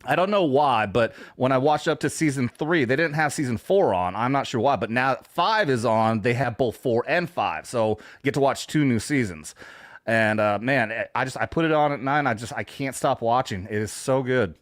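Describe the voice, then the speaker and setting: A man's voice: mid-range voice, lively intonation, normal speed, dry recording, clean studio sound. A man hosting a casual chat stream, talking in a rambling, profane way and laughing often. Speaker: show host.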